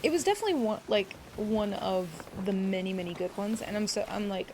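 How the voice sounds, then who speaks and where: Teary, gravelly woman streamer. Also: mid-range voice, animated, fairly quick, a little mellow, a little hiss or hum. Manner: rambling, emotional, swears freely, greets chat by name. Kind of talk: casual live-stream chat.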